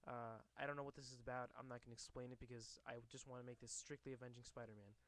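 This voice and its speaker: A man's voice: medium pitch, level tone, fast talker, fairly bright tone. A man casually reading a comic book aloud to a camera, hesitant with many fillers and restarts.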